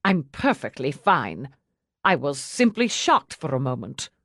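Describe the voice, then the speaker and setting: A woman voicing a composed, formal older manservant who speaks in a measured, stiff way. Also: a bass voice, very animated, vocal fry, a bit bright, no room sound, clean studio sound, voice pushed down, exaggerated voice. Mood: reserved.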